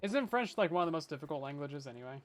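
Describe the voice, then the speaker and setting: Young canadian guy streaming, high voice that bounces all over, jokes at himself, chats w/ chat. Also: expressive, quick pace. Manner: jokey, self-deprecating, chatty with viewers. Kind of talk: casual gameplay commentary. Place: hot bedroom.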